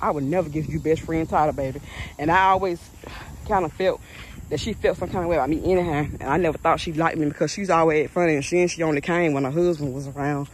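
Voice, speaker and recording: A woman's voice: low-pitched, a little hiss or hum. Chatty slangy woman vlogging outdoors. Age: adult mother. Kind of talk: casual vlog chat. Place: outdoors on a neighborhood street. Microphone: phone camera held by someone else.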